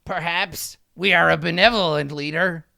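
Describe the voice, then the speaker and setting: A man's voice: fairly even intonation, moderate pace, gravelly, pushed and bright, exaggerated voice. A man voicing a pompous, boastful male kobold king who makes grand proclamations. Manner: booming, self-important proclamations.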